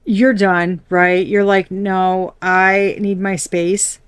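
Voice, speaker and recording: A woman's voice: medium pitch, steady tone, slow, clear, resonant tone, no room sound. A young adult woman doing a casual tarot reading, chatty and blunt, swearing and laughing often. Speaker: tarot reader.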